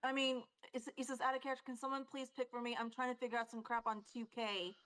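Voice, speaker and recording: A woman taking part in a live-streamed draft, chatting casually and making quick asides. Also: a little high, level tone, a bit bright, clear, resonant tone.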